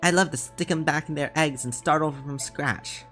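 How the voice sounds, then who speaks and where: Brash, scornful bird-tribe warrior woman , read by a low-voiced woman streamer over game music. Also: normal speed, fairly bright tone. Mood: defiant. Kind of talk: reading game dialogue aloud.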